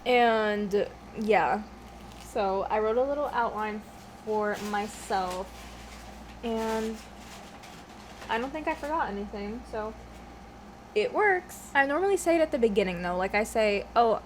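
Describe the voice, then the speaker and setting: A woman's voice: a little high, animated, unhurried, slight background noise. Rambling, swearing young woman vlogger. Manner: rambling, scatterbrained, swears a lot, laughs often. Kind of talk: casual mukbang chat.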